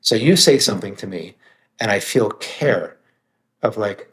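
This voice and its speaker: A man's voice: fairly low pitch, animated, normal speed. A man speaking as a podcast guest, earnest and reflective, swearing now and then for emphasis. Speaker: author and meditation teacher, guest. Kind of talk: candid podcast conversation.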